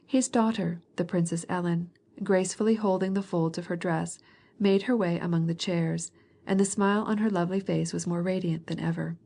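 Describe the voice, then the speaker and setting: Mellow-voiced woman reading an audiobook. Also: on the low side, fairly even intonation, moderate pace, gravelly. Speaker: audiobook narrator. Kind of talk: scripted audiobook narration.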